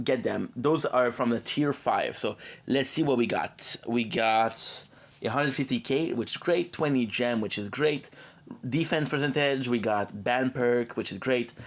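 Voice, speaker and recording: A worn-out man hosts a live gaming stream and chats loosely with viewers he knows by name. He rambles and jokes, slipping in stray foreign phrases, and sounds like a cold is coming on. His voice sits at an ordinary middle pitch. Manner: rambling and playful, drops in foreign words. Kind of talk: casual livestream chat.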